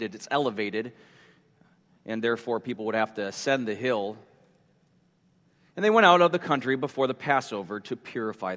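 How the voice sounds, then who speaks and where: A male pastor preaching a sermon slowly and deliberately, repeating his headings for emphasis. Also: mid-range voice, a bit bright. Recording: long hall reverb.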